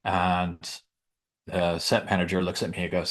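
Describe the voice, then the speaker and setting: A middle-aged man who works as a Santa, telling a heartfelt story with pauses, restarts and emotion. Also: low-pitched, flat delivery. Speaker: professional Santa performer. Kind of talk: heartfelt storytelling in a group chat.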